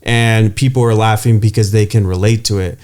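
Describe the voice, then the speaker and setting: A man's voice: fairly low pitch, fairly even intonation, moderate pace, darkish tone. A man co-hosting a podcast in casual chat, hesitant and searching for his words. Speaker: podcast co-host.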